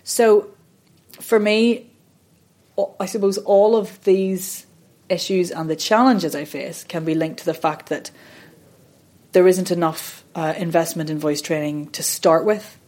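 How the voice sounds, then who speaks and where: A woman in her thirties who works as a voice and accent coach speaks in a slightly low register, chatty and self-deprecating. She rambles and restarts her sentences as she talks through her ideas in a relaxed podcast interview. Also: a little slow. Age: 30s.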